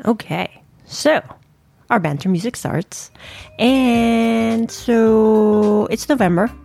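A woman's voice: mid-range voice, big pitch swings, unhurried, gravelly, darkish tone, breathy edge, soft background music. A woman co-hosting a podcast, chatting casually and teasing her partner. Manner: giggly, teasing. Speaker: podcast co-host. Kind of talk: casual chat.

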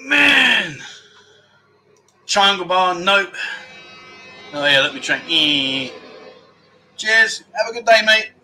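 Slow and expressive with long pauses, a man with a high, bright, forceful voice runs a casual livestream. He jokes around with the chat while reading their guesses, repeating "mate" and "no" often.

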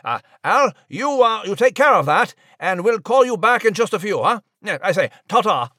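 A man's voice: sits high, sing-song, moderate pace, sharp tone, no room sound, studio quality, exaggerated voice. A man voicing a proper, well-mannered male mouse who talks in clipped upper-class phrases. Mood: jolly. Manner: clipped upper-class talk with "I say" and "old boy". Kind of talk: audio drama acting.

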